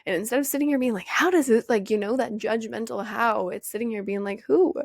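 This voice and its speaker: This podcast host, a young woman, gives a laid-back pep talk at a quick clip, her mid-range voice edged with gravelly fry. Recorded close and dry without echo, she curses casually and stays lively, jumping higher in pitch when acting out questions she used to ask.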